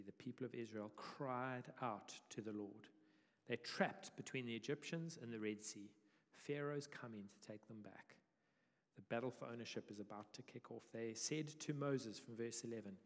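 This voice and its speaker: A male pastor preaching a sermon in a conversational, animated way. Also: medium pitch, moderate pace. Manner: conversational, animated, self-deprecating. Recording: reverberant church hall.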